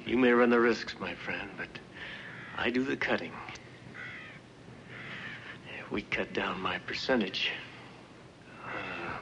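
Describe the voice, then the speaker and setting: Cast a slow, dry-talking gunslinger with a low voice; muffled film sound. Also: male voice, fairly bright tone. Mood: cool. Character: cool laconic gunslinger, adult man. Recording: dull, slightly noisy film soundtrack.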